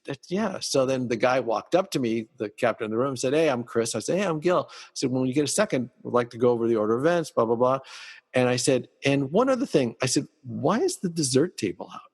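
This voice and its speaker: A man's voice: mid-range voice, husky, big-room sound. A man, a party DJ and MC, telling a story on a podcast in casual chat, acting out the lines of the people in it. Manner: animated storyteller acting out dialogue.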